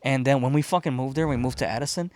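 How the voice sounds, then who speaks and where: A man's voice: mid-range voice, quick pace, darkish tone, no room sound. A man co-hosting a podcast, telling a wild story in casual chat, swearing freely, laughing often and acting out the voices of the people in it. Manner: profane, laughing, acts out voices in stories. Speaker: podcast co-host. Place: podcast studio room.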